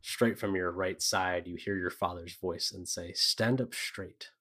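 A male game master with a low voice, narrating a tabletop role-playing session in a descriptive, loose way with plenty of fillers. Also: flat delivery, moderate pace, fairly bright tone.

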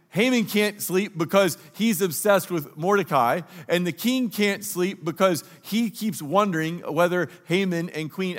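A male pastor preaching a sermon, telling the story and acting out the characters' lines. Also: high-pitched. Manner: storytelling, acts out dialogue of the characters.

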